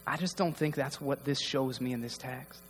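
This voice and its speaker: A man's voice: mid-range voice, normal speed, big-room sound, a little hiss or hum. A man preaching a heartfelt, conversational sermon to his congregation in a church. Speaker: pastor. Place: church hall.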